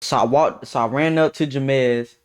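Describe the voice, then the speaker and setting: A young man streamer telling a casual storytime to his chat in an animated, slangy way, often repeating words. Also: medium pitch, moderate pace, smooth.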